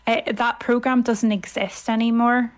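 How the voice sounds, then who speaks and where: Irish woman, bit high voice, podcast guest in her polite phone voice, lots of ums. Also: flat delivery, measured pace. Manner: toned-down posh telephone voice, chatty with fillers. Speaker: guest scholar. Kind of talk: podcast conversation.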